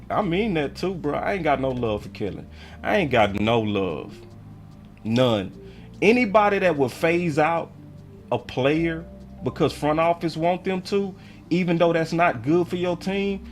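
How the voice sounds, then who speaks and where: Slangy man ranting as a sports host. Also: medium pitch. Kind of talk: casual fan commentary livestream.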